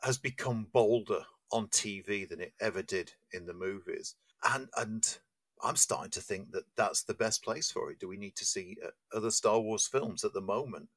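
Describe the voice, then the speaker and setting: A man with a very low voice chats about films as a podcast co-host, thinking aloud and circling back on his words. The sound is dry and close to the mic. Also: moderate pace, a bit bright, no room sound. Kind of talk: casual film chat.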